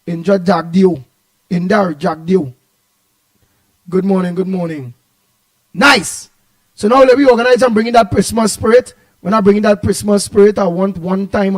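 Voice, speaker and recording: A Trinidadian man hosts a live stream in a high, bright-pitched voice. He rambles and repeats himself, stumbling over words, and teases the viewers in loose, playful chat. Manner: playful, teasing banter. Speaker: host of an online talk show.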